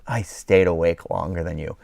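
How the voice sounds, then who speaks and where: A man's voice: deep voice, fairly even intonation, normal speed, creaky, darkish tone, dry recording, studio quality. A man hosting a live stream, chatting casually and rambling with lots of fillers, tired and yawning. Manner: rambling, many fillers and restarts. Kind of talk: casual chat.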